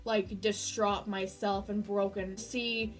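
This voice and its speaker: A woman giving an excited spoiler review of a movie, gushing, swearing freely and breaking into near-screams. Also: mid-range voice, slow pace, recorded from a distance, faint music behind.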